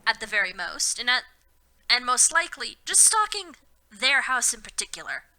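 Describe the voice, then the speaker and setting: A woman's voice: fairly high pitch, normal speed. Sarcastic woman reading aloud. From Florida, USA. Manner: sarcastic, animated, swearing. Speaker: podcast co-host reading fanfiction. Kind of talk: comedic dramatic reading and banter.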